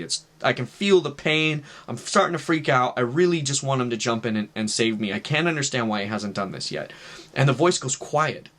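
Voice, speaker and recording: A man's voice: on the high side, a bit bright. A man in his thirties telling a personal testimony in casual, earnest storytelling, with fillers like "right" and "like". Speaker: vlogger sharing a testimony.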